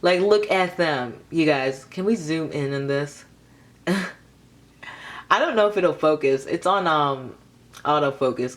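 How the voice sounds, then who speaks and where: A woman's voice: deep voice, slow pace, long pauses. Chatty young woman reading tarot cards. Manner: chatty, laughs often, filler-heavy with lots of "like". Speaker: tarot reader. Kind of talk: casual pick-a-card tarot reading.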